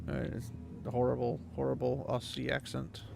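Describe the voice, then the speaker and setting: A man's voice: mid-range voice, monotone, normal speed, creaky, music in the background. A man streaming a video game, chatting casually and rambling with plenty of fillers. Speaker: gaming streamer. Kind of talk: casual chat while playing a video game.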